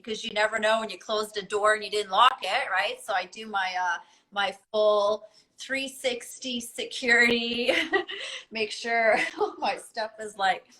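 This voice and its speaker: Giggly, bright-voiced woman guest. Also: medium pitch, a little slow, low-quality recording. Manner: giggly, animated storytelling. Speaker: podcast guest. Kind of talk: casual conversation.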